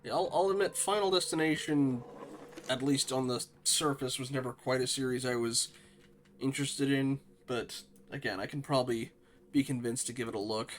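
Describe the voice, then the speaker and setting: A man talks loosely over his game stream at an everyday mid pitch. He rambles, pokes fun at himself, and greets viewers in an easygoing way. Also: fairly even intonation, normal speed, slight background noise. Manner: chatty, self-deprecating asides. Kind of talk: casual gameplay commentary.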